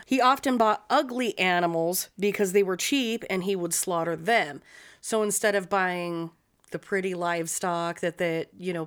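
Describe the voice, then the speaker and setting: A woman's voice: fairly low pitch, clear, resonant tone. A woman hosting a podcast, telling a true-crime story in a casual, profane, blunt way.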